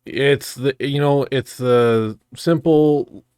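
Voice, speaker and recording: A young man co-hosting a podcast who talks casually and quickly, with frequent swearing. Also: mid-range voice, clear, resonant tone, no room sound. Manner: swears casually, fast and animated. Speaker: podcast co-host. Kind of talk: casual chat.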